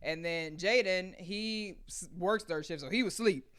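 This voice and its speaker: A woman podcast co-host in casual chat, chatty and quick to laugh. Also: lowish voice, fairly bright tone.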